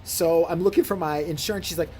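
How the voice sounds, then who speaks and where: A woman's voice: lowish voice, fast talker, slight background noise. A woman vlogger telling a story as an indignant, profane rant. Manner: indignant, swearing, animated storytelling.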